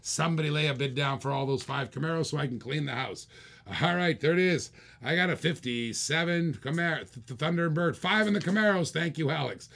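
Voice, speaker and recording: A man hosting a live-streamed toy car auction, calling bids in quick repeated bursts with chatty asides to viewers. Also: on the high side, vocal fry, fairly bright tone. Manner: rapid repetitive bid calling, chatty asides. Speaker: auctioneer host.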